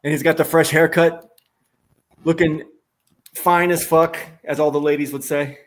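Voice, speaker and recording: A man hosts a live stream with crude, joking banter. His voice sits a bit higher than most men's and stays casual and easygoing. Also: little pitch movement, measured pace, slight background noise. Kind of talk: casual chat.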